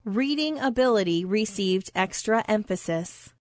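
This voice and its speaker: A woman reading example sentences aloud for a language lesson, slow, even and deliberate. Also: medium pitch, no room sound, clean studio sound.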